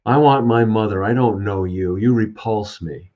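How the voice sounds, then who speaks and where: A man putting on a scared, angry teenage girl pushing someone away. The voice lifts above his usual low register, and the sound is dull and lo-fi. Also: normal speed, lightly acted. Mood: fearful anger. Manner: rejecting, fearful.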